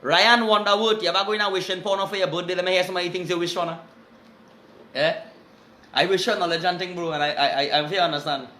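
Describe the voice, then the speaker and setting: A Trinidadian man hosting a rambling live stream, with loud, excited greetings and shout-outs. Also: sits high, quick pace. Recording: echoey room.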